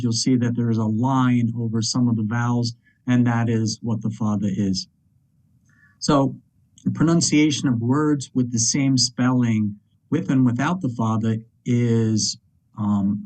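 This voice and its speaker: Slow, careful man explaining pronunciation. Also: mid-range voice, steady tone, darkish tone, rough recording. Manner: careful, deliberate, spells out sounds. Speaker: student presenter.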